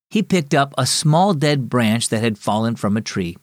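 A man narrating a scripted Christian story for children in a clear, earnest, measured way. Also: medium pitch, lively intonation, no room sound, studio quality.

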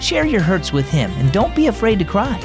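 A man's voice: sits high, wildly swooping pitch, fairly quick, music in the background. A man hosting a children's devotional program, reading scripted narration in an encouraging storyteller's way.

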